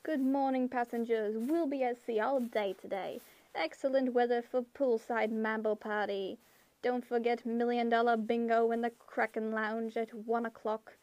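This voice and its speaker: A woman's voice: a little high, fairly even intonation, normal speed, darkish tone, dry recording, lightly acted. A woman voicing an overly cheerful male ship announcer making upbeat announcements. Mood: chirpy. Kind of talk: audiobook character voice.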